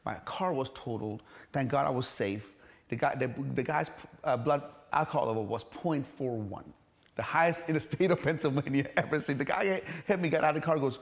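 A man's voice: medium pitch, brisk. A middle-aged man from Iran, a gym entrepreneur telling his story in an interview, blunt and emphatic, swearing and acting out quoted voices.

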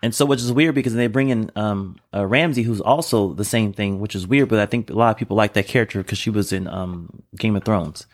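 Brisk and with few pauses, this podcast co-host talks in a lowish voice, keeping things casual while guiding the discussion through his meandering opinions.

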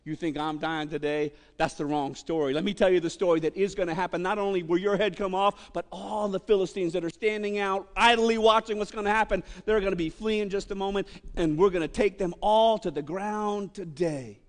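A man's voice: sits high, steady tone, brisk, hardly any pauses. A man preaching in a hall and voicing a bold young male shepherd hero who speaks with defiant confidence. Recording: long hall reverb.

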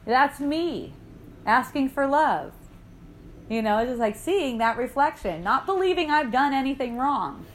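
A woman's voice: sits high, expressive, a little slow, a little hiss or hum. A woman leading an in-person spiritual dialogue, telling light anecdotes with frequent laughter and quoted voices. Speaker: spiritual teacher. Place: indoor gathering room.

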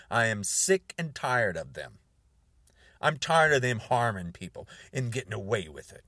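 A man's voice: fairly low pitch, sing-song, moderate pace, fairly bright tone, dry recording, clean studio sound. A man of about sixty delivering a heated monologue to camera, repeating words for emphasis and stretching out key words. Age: 60s. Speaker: video blogger.

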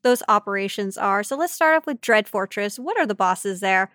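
A woman's voice: medium pitch, animated, normal speed, a bit bright, no echo, clean studio sound. A woman co-hosting a casual podcast, giggling and tripping over her words. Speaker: podcast co-host.

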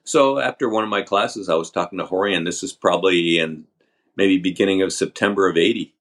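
Older guy on a podcast, lowish voice, candid rambling story, stops and restarts a lot. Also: a little fast, fairly bright tone. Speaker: guest. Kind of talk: storytelling interview.

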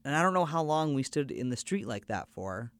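A man's voice: medium pitch, sing-song, a little fast, dry recording. Earnest man hosting a storytelling podcast. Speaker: podcast host.

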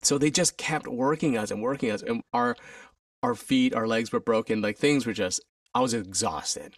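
A man's voice: normal speed, no room sound, clean studio sound, recorded from a distance. A man, an alumnus and stage performer, telling a story from his career in a conversational interview, animatedly acting out the voices of others. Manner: animated, acts out quoted voices with pitch jumps.

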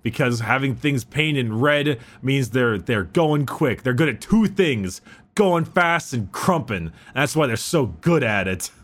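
A man's voice: mid-range voice, lively intonation, unhurried, fairly bright tone. Male co-host, mid-range voice, enthusiastic and rambling as he explains. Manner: enthusiastic, explains lore in a rush, swears freely. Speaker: podcast co-host. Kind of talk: casual chat.

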